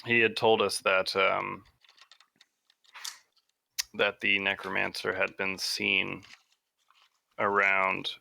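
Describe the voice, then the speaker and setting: A man playing a tabletop game, talking slowly and hesitantly. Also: sits low, monotone, vocal fry, bright, forceful tone. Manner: slow, hesitant, trailing. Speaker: player. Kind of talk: casual tabletop play.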